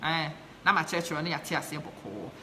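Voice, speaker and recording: A woman's voice: low-pitched, animated, fairly quick, pushed and bright, a little hiss or hum. A woman from Ghana with a Ghanaian accent, passionately hosting a live stream, chatting and reading out viewer comments while mixing English and Twi. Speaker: live show host.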